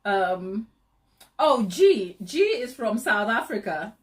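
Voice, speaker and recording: A woman's voice: mid-range voice, big pitch swings, slow pace. A woman hosting a baking channel, chatting and teasing viewers during a live stream while she decorates, laughing often.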